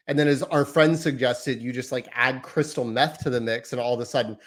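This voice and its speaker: A man's voice: medium pitch, fairly even intonation, brisk, few pauses, fairly bright tone. A man in his thirties hosting a casual podcast, talking in a chatty, rambling, self-deprecating way. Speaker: podcast host.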